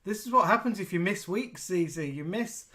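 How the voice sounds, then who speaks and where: A man with a slightly high voice hosts a casual live chat, reading viewer messages aloud. He keeps the talk chatty and friendly. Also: lively intonation, normal speed. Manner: chatty, warm-hearted, reads out messages. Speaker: host.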